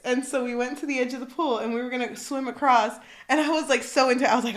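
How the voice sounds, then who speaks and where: A young woman co-hosting a book podcast, telling stories in a casual, animated way and laughing often. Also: on the high side, racing, hardly any pauses. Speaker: podcast co-host. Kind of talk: casual chat.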